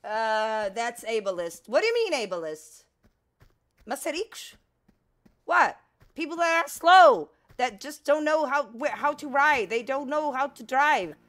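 A woman's voice: sits high, very animated, a little slow, a bit bright. A woman whose first language is Portuguese, playing a video game and commenting casually, muttering to herself and exclaiming and swearing when things go wrong. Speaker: gaming streamer.

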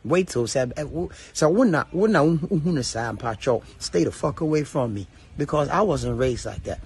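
A man's voice: fairly high pitch, lively intonation, moderate pace, a little mellow, a little hiss or hum. A middle-aged Ghanaian man with a Ghanaian accent delivers a heated, profane social media rant to his fans. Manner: angry, profane, switching between English and Twi. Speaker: entertainer addressing fans.

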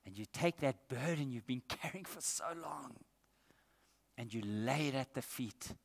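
A man's voice: mid-range voice, animated, measured pace, gravelly, slightly rough. A man preaching a sermon as pastor, earnest and emphatic. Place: church. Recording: echoey church hall.

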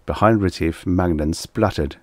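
Deep-voiced man reading vintage sci-fi. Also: moderate pace, darkish tone, no room sound. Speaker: audiobook narrator. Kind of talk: scripted narration of vintage science fiction.

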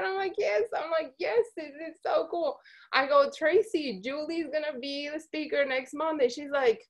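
A woman with a high voice hosts a team call over video. She talks in a bubbly, chatty way, laughing often and wandering into little stories. Her voice comes through a video call connection. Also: moderate pace. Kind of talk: casual video call chat.

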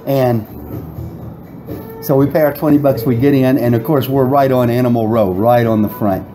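A man's voice: medium pitch, fairly even intonation, moderate pace, music in the background, poor audio. A middle-aged man telling a long, rambling story in casual chat, often laughing. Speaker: guest.

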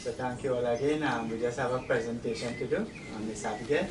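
A man volunteer who prompts and presents in a brisk, informal way. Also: medium pitch, steady tone. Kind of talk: casual chat. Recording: echoey, distant, very noisy.

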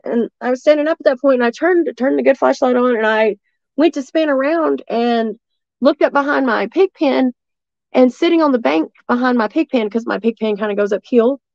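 A woman from East Tennessee with a Southern accent, telling a story as a guest in a rambling, excitable way full of restarts. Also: high-pitched, vocal fry, no room sound, highs cut off. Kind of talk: casual storytelling.

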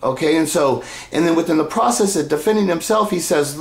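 A man's voice: fairly high pitch, animated, brisk, few pauses. Casual male reaction commentator, loose and rambling, roomy sound. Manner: rambling, sighs and laughs, restarts.

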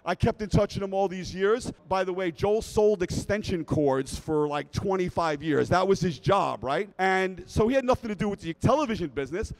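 A middle-aged man tells a comic story on a convention stage, keeping his voice high for a man. He is animated and keeps checking in with his audience. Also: normal speed, hardly any pauses, rough recording. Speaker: speaker at a fan convention.

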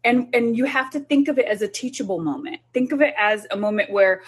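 A woman's voice: a little high, a little fast, hardly any pauses, breathy edge. A woman who is a child development specialist, talking parents through a group session in an earnest, instructive way.

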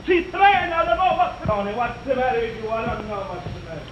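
An actor playing an excitable street fruit vendor in a 1930s film, sputtering complaints in broken English. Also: male voice, very high-pitched, quick pace, noisy background. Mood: agitated. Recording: muffled early sound film.

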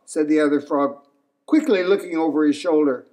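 A man reading a children's picture book aloud as a storyteller, with expressive narration. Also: on the high side, moderate pace.

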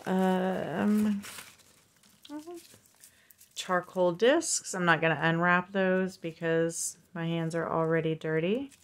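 A woman chatting softly as she unboxes a purchase, cooing and slipping into gentle whispers. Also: lowish voice, steady tone. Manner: slow, soft-spoken, drifting into gentle whispers and coos. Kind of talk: casual unboxing chat.

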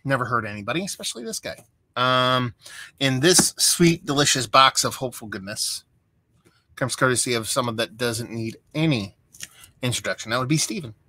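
Bright-voiced man ranting casually. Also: mid-range voice, expressive, moderate pace, no room sound. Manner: rambling, exasperated storytelling. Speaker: beer vlogger. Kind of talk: casual vlog rant.

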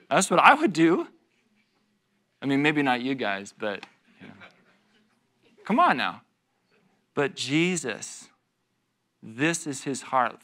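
A man preaching a conversational sermon, telling stories about himself with laughter and quick asides to the congregation. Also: mid-range voice. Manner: animated, self-deprecating storytelling with laughs and asides to the congregation. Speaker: pastor teaching a Bible study. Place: church.

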